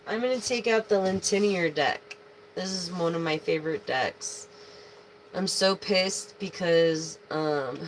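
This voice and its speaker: A woman's voice: lowish voice, a little hiss or hum, poor audio. A woman giving a casual live tarot reading, slangy and profane, speaking to her viewers as a collective. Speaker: tarot reader.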